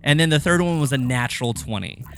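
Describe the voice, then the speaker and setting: A man's voice: mid-range voice, fast talker, a bit bright, a little hiss or hum. A man running a tabletop game as game master, narrating gory scenes in a casual, laid-back way with the odd swear. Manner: casual, laughing, swears freely.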